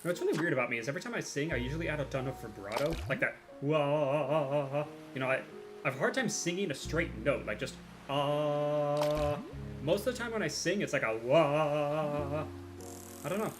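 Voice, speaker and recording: A baritone man chatting casually and a little self-deprecatingly while livestreaming a game. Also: expressive, rapid-fire, over music. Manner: rambling, self-deprecating, playful. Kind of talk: casual chat while gaming.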